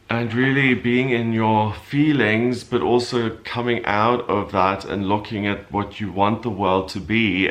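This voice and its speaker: A man with a fairly low voice gives a weekly horoscope in a casual, unscripted way. He explains the stars calmly and drifts into loose, rambling asides. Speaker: astrologer giving a weekly horoscope. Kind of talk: casual spoken forecast.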